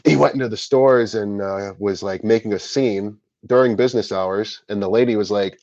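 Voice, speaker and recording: A man's voice: fairly low pitch, normal speed, hardly any pauses, darkish tone, no echo, highs cut off. A man casually telling a rambling personal story about starting his window cleaning business, correcting himself often and swearing now and then.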